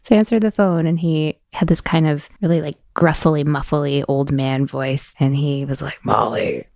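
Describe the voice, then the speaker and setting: A woman reminiscing in casual conversation, telling vivid, animated stories. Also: low-pitched, moderate pace, dry recording, clean studio sound. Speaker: guest.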